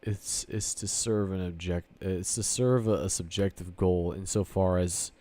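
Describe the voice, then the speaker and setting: This man from Sicily speaks in a deep, dark voice with fairly even intonation and an unhurried pace. Chatting casually online, he wanders through a rambling argument, cursing freely and voicing both parties in an imagined back-and-forth.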